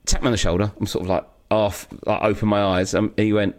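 A man co-hosting a casual podcast, spinning funny anecdotes with lively energy. He jumps into the voices of the people in his stories as he goes. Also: lowish voice, fast talker. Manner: animated storyteller, acts out quoted voices. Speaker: podcast co-host. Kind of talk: casual chat.

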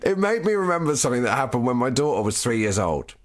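A man co-hosting a casual podcast, reading listener emails aloud and slowing down for the tense parts. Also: medium pitch, sing-song. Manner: reads listener stories aloud, slows and drops his voice for the scary parts. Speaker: podcast co-host.

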